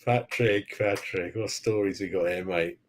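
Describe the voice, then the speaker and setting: A man's voice: low voice, steady tone, measured pace, a little hiss or hum. A man hosting a football fan channel, chatting casually with live-stream viewers, laughing often and calling everyone mate.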